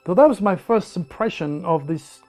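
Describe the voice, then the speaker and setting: A man with a French accent telling his life story in broken English, animated and repeating words as he goes. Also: high voice, normal speed, soft background music. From France. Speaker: interviewee. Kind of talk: personal storytelling.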